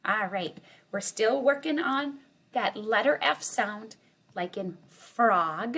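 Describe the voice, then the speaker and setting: A woman's voice: mid-range voice, fairly bright tone, husky. A woman kindergarten teacher giving a cheerful online morning lesson to young children, sounding out letters and counting with them. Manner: cheerful, slow and sing-song, sounding out letters.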